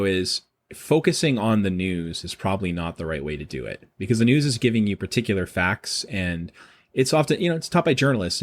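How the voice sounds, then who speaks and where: Brief: middle-aged male academic guest, low voice, rapid explanations. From Boston. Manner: quick, animated explaining with frequent restarts. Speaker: guest professor. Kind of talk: casual interview talk.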